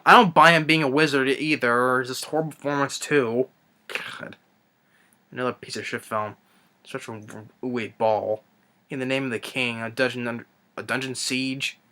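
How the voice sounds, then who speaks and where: A man with a bright, sharp-edged voice rants through a film review, audibly exasperated and scornful. He rambles off the cuff, stopping and restarting his sentences, filling the gaps with "you know" and "I mean". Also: mid-range voice, steady tone. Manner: rambling, halting, frequent restarts and fillers. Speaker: movie reviewer. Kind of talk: unscripted ranting film review.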